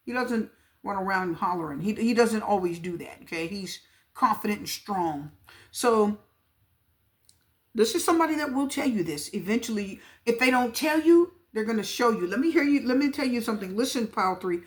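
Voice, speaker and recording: A woman's voice: a little high, lively intonation, moderate pace. A woman giving a pick-a-card tarot reading to her viewers, chatty and repetitive, talking straight to them. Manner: chatty, repeats herself, talks straight to viewers. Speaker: tarot reader.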